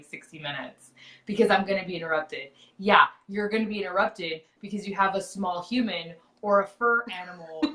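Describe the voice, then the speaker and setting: Bright-voiced woman co-hosting a chat. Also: lowish voice, echoey room. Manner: laughing, profane, playful. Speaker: podcast co-host. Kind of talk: casual chat.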